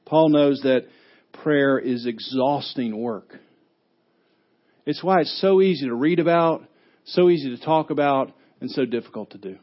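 A man preaching a sermon as pastor, who rises to a shout when he acts out a yelling coach. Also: medium pitch, unhurried, highs cut off.

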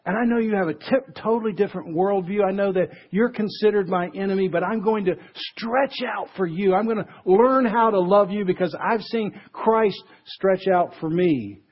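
Husky-voiced man preaching a sermon. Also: high voice, normal speed, few pauses, muffled recording. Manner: conversational, acts out quoted voices. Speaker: pastor.

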